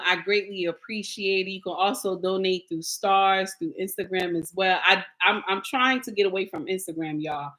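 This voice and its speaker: A woman's voice: on the low side, fairly bright tone. Chatty woman hosting a livestream. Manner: chatty, playful, talks to viewers by name. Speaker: livestream host. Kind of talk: casual livestream chat.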